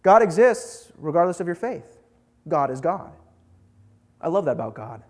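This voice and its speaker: Lively high-voiced young preacher man. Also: normal speed. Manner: animated, joking, conversational. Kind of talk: casual sermon to a live group.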